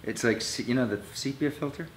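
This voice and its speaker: A man in his thirties, an interview guest, telling an emotional personal story, his voice swinging between loud bursts and hushed low lines. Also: brisk, a little hiss or hum. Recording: echoey room with faint ambience.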